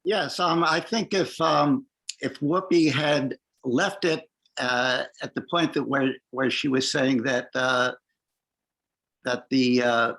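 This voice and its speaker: A man speaking in a community discussion over a video call, halting with many restarts and fillers. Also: medium pitch, fairly even intonation, gravelly, fairly bright tone, poor audio. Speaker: discussion participant.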